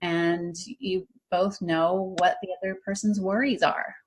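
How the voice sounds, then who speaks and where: A woman speaking as a podcast guest, calmly and earnestly explaining ideas. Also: lowish voice, measured pace, breathy edge. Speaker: guest author. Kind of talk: casual interview chat.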